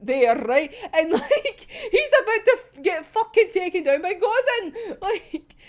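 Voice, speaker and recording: A young woman with a high voice gives an excited, casual reaction to a manga chapter. She swears freely and breaks into laughter often. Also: a little slow.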